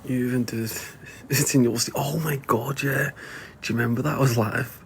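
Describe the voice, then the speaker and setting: A man's voice: mid-range voice, steady tone, moderate pace, vocal fry. Scouse fella rambling on his live stream, swears loads, keeps laughing, a faint hiss behind him. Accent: Liverpool. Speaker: livestreamer. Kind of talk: casual livestream chat.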